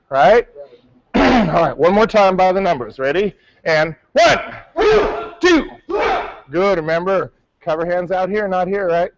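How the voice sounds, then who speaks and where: A man teaching a martial arts class, calling out counts and correcting his students as he goes. His voice sits high, and the recording is dry and a little muffled. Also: no echo. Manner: barks counts, coaching and correcting.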